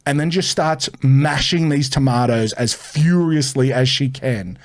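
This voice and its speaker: Young man, casual storytelling, swears a lot, acts out the characters, mid pitch. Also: unhurried, hardly any pauses. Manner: animated, swearing, acts out the people in his story. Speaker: podcast guest.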